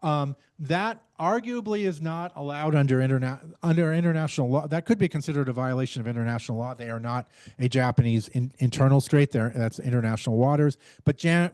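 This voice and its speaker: Guy giving a research talk, measured, lots of ums and restarts, dry close sound. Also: mid-range voice, a little mellow, no room sound. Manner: measured, frequent fillers and restarts. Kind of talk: academic presentation.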